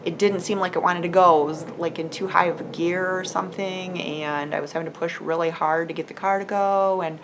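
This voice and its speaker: A woman's voice: on the low side, fairly even intonation, fairly quick, hardly any pauses, a little hiss or hum. A middle-aged woman talking to camera in a chatty, earnest way, with many fillers and quoted voices. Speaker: homeschool mom vlogger. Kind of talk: casual talk to camera.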